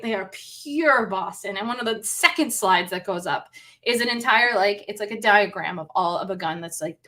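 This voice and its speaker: A woman telling a story in casual chat with an animated, profane manner, often breaking into laughter. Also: medium pitch.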